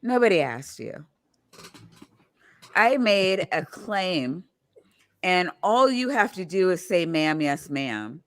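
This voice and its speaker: A woman's voice: mid-range voice, expressive, slow pace, pauses often, dry recording, studio quality. A woman hosting a livestream in casual chat, blunt and joking crudely. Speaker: stream host.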